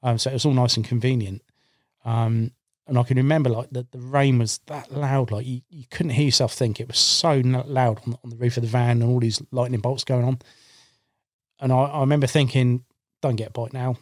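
A man recounts a fishing trip in a podcast studio, talking casually and acting out what he said at the time. His voice sits at an ordinary middle pitch. The sound is dry and close, with no room echo. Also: fairly quick. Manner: animated anecdote-telling, acts out his own past lines. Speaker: podcast guest, carp angler. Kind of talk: casual storytelling. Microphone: studio microphone.

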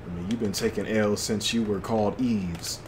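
A man's voice: lowish voice, fairly even intonation, moderate pace, noisy background. A young man giving loose, slangy commentary to himself while playing a shooter game. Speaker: gaming channel host. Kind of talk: casual gameplay commentary.

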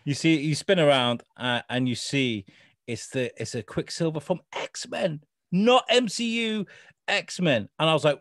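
A man's voice: medium pitch, big pitch swings, normal speed, fairly bright tone, dry recording, clean studio sound. A man co-hosting a casual chat, talking loosely, swearing, and acting out quotes as he retells scenes. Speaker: podcast co-host.

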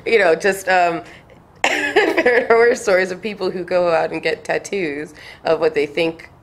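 A woman's voice: fairly low pitch, unhurried, slight background noise. A woman hosting a podcast in casual interview chat, laughing often and chiming in with encouraging remarks. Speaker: podcast host.

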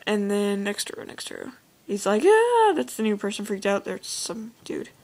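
A woman's voice: mid-range voice, flat delivery, normal speed, gravelly, poor audio. A teenage girl chatting casually as she shows her own drawings, gushing and rambling with lots of "like" and "oh my gosh". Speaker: vlogger showing her drawings. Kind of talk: casual chat.

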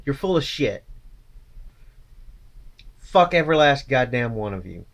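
A man's voice: medium pitch, very animated, unhurried. A man ranting angrily to his channel, contemptuous and swearing constantly. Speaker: channel host. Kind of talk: angry profane rant to camera.

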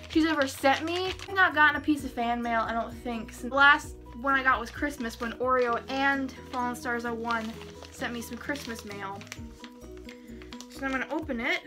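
A woman vlogger opening fan mail in a casual chat, excitable and gushing, laughing often. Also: high-pitched. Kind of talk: casual unboxing vlog.

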